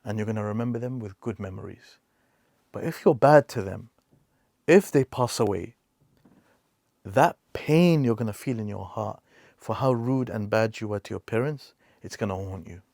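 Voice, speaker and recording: A man's voice: on the low side, normal speed, gravelly, darkish tone, no echo. A man hosting a reaction video, giving earnest advice in an emphatic way and repeating key phrases for stress.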